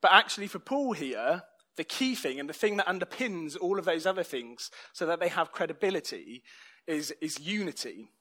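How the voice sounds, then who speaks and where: A man's voice: on the high side, animated, moderate pace, bright, forceful tone. A man preaching a sermon in a conversational, self-deprecating way.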